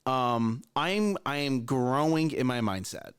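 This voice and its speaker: A man's voice: mid-range voice, slow, smooth. A man co-hosting a casual morning show, telling a story about his kids with lots of restarts. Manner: animated storyteller with frequent restarts.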